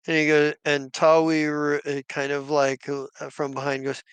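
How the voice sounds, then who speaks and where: A man running a tabletop game as game master, narrating in a halting way with many restarts. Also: fairly high pitch, monotone, clean tone, no echo.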